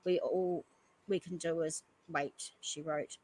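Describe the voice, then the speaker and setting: Reading the news on her podcast, this woman pauses frequently to share earnest remarks between passages. Her voice sits low and sounds darkish and husky, moving slowly with fairly even intonation, recorded with no room sound but in low quality.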